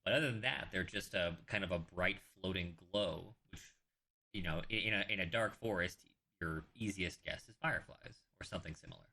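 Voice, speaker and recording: A man's voice: sits low, a little fast, creaky, bright, forceful tone. A man acting as game master, explaining rules and narrating scenes in a loose, conversational way.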